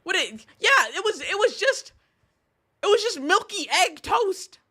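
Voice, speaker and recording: Woman streamer, bright and high, animated rants. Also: measured pace. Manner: animated, outraged ranting with laughs. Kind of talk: casual live-stream chat.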